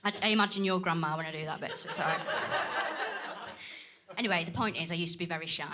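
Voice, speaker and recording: A woman doing a crude, acerbic stand-up set on a theatre stage, with deadpan asides. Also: lowish voice, fast talker, very noisy. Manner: acerbic, crude, deadpan asides with lively put-on voices for others. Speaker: stand-up comedian. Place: theatre stage before a laughing audience. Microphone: stage microphone. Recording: live theatre with loud crowd laughter.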